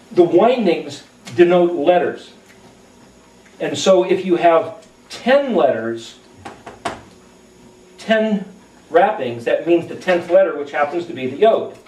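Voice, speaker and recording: A man with a slightly high voice teaches from scripture. He spells out Hebrew letters one by one and thinks aloud as he explains. The sound carries a roomy echo from a mic set some distance away. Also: a little mellow. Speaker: Bible teacher. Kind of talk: recorded Bible teaching. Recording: echoey room, mic at a distance.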